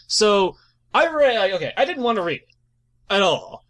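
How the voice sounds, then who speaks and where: A man with a high voice rants to his co-host, swearing freely and breaking into laughter. His pitch leaps all over the place as he tells his story in a loose, casual podcast chat. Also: moderate pace. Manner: animated profane ranting with frequent laughs.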